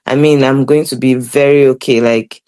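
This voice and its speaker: Young woman, animated, laughing, casual storytelling. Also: extremely low pitch, normal speed. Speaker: podcast guest.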